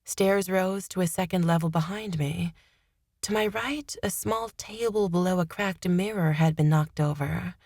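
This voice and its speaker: A woman reading first-person fantasy narration in a steady, measured way. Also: lowish voice, dry recording, studio quality. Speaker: audiobook narrator.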